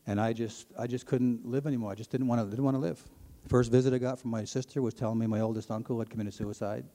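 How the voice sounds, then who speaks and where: A middle-aged man from Ontario, earnestly telling his personal faith testimony to an audience, his voice climbing when he gets excited. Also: mid-range voice, quick pace. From Ontario, Canada. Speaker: speaker sharing his testimony. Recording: long hall reverb.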